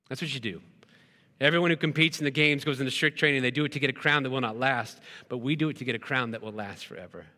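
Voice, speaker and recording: A man's voice: medium pitch, bright, forceful tone. A pastor in his thirties preaching a sermon, telling stories conversationally with frequent "right?" asides. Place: church sanctuary. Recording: long hall reverb.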